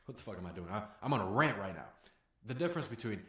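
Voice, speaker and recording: A young man giving blunt, profane, fast-talking sales training, breaking into loud rants now and then. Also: mid-range voice, big pitch swings, echoey room. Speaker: sales coach.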